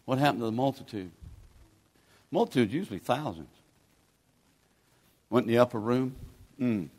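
A man's voice: mid-range voice, normal speed, darkish tone. A man, preaching a sermon in a folksy, pleading, conversational way as a guest preacher. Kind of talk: sermon with altar call.

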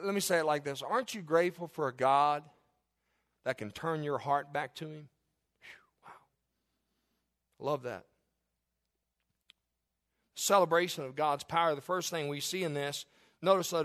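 A man preaching a sermon, moving between loud emphatic peaks and soft hushed passages, and reading scripture slowly and dramatically. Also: on the high side. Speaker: pastor.

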